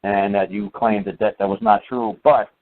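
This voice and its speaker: Over a tinny phone line, a man's low-side voice moves at a moderate pace with fairly even intonation as he gives recorded teachings. His long story rambles, leans heavily on fillers, and includes quoted voices he acts out.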